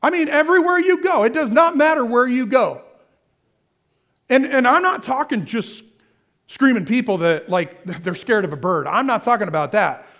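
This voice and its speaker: High-pitched guy pastor preaching, asks the crowd stuff then answers it himself. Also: lively intonation, normal speed, a bit bright. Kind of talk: sermon.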